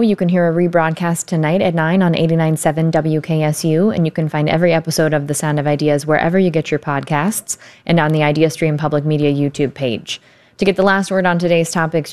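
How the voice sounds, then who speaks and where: A woman hosting a public radio talk show, wrapping up the interview and reading out listener mail in a measured way. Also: sits low, darkish tone. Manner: measured, clearly spelling out details.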